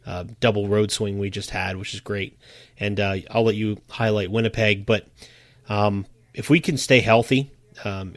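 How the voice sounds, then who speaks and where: A man's voice: lowish voice, no echo. A man co-hosting a casual sports podcast, chatty and laughing often as he tells stories. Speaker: podcast co-host.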